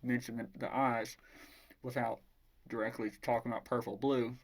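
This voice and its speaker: A man's voice: medium pitch, level tone, moderate pace. A man casually retelling a novel's plot as a book reviewer, rambling and swearing freely.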